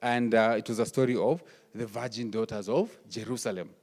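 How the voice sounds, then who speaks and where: A man speaking at a workshop, animated and anecdotal, playing out conversations as he tells them. His voice sits at an ordinary middle pitch for a man. The sound carries the long reverb of a conference hall. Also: brisk. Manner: animated, acts out family dialogue. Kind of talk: storytelling workshop talk.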